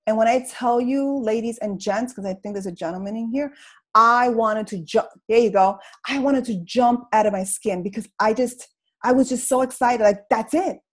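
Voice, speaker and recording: Animated, comical woman on a video call. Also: fairly high pitch, normal speed, poor audio. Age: middle-aged. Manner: animated, comical, slangy storytelling. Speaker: guest speaker sharing her story. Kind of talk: casual motivational talk on a video call.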